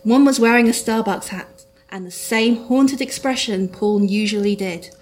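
A woman's voice: medium pitch, normal speed, darkish tone, a little hiss or hum. A woman reading her own comic detective story aloud to a live audience, with a dry delivery.

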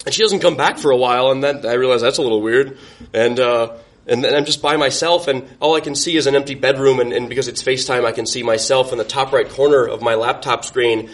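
A man's voice: mid-range voice, fast. A young man on a podcast, wryly telling a self-mocking personal story and laughing through it. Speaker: podcast guest.

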